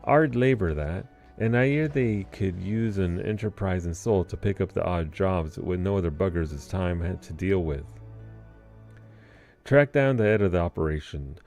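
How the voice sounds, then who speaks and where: A man putting on a gruff pirate sailor. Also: low-pitched, animated, moderate pace, a little mellow, faint music behind. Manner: rough pirate drawl, dropped endings. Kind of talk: reading game dialogue aloud.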